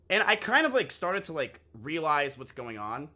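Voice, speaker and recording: A man's voice: fairly high pitch, big pitch swings, moderate pace, sharp tone. A young man streamer telling a story casually to his live chat, swearing freely and acting out both sides of the conversation.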